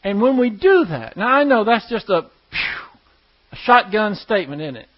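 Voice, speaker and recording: High-voiced man teaching a folksy Bible class. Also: sing-song, normal speed. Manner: folksy, explanatory, asks the class questions. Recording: dull lo-fi classroom recording.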